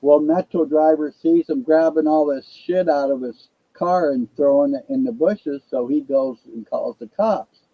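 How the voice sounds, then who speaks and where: A man's voice: fairly high pitch, unhurried. Profane rambling older man, lo-fi. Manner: profane, rambling, laid-back. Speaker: storyteller. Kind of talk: casual storytelling.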